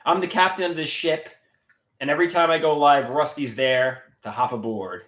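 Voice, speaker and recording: A man's voice: on the high side, normal speed, a bit bright, reverberant. A man livestreaming and talking about his artwork, agitated and swearing, often repeating himself and restarting his sentences. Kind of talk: casual livestream talk.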